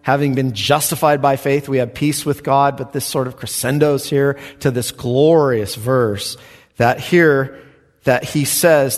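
A man, a pastor, preaching an emphatic expository sermon with soft chuckles. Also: medium pitch, steady tone, unhurried. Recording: reverberant hall.

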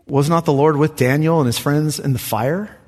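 Emphatic preacher in a reverberant hall. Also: male voice, fairly high pitch, moderate pace. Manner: emphatic, swinging from loud rises to hushed drops. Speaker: pastor. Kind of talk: sermon.

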